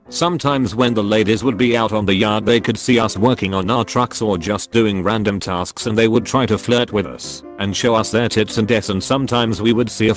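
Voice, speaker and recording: A man with a fairly low voice reads online stories aloud in a steady, even narration. Faint music plays softly behind him. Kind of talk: scripted narration.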